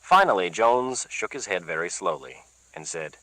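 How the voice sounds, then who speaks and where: Male narrator reading a noir novel, bright tone, dry close sound. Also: deep voice, sing-song, normal speed, no room sound, low-quality recording. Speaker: audiobook narrator.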